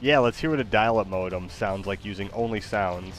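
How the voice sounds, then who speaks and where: A man chatting casually with an AI, playful and halting, with fillers. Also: on the low side, faint music behind. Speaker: user chatting with an AI. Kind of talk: casual chat.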